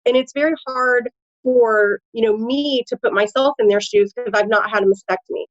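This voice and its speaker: A woman's voice: a little high, normal speed, no room sound, lo-fi sound. A woman with a Midwestern American accent, a tattoo artist and nurse, talking casually in an interview with lots of fillers. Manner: chatty, animated, frequent fillers.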